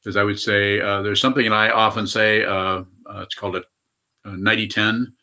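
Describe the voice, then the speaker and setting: An older man in his eighties teaches meditation in a low, bright, forceful voice. He rambles through his answer, restarting and correcting himself as he goes. It sounds like an unhurried spiritual talk. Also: flat delivery. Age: 80s. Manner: rambling, frequent hesitations and self-corrections. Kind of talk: dharma talk answering questions.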